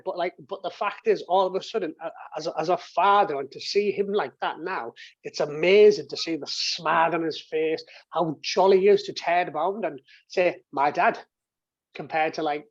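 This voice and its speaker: Joining a video call from his home office and games room, a man in his thirties tells a casual personal story as an interview guest, rambling, starting over and swearing. His voice is a little high, and the dry recording has its highs cut off.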